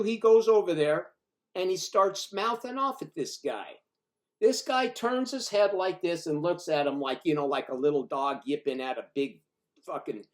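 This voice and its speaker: A man in his sixties tells an old bar story in a loose, rambling way, full of swearing and emphasis. His voice sits a little high for a man. He keeps to plain, casual storytelling.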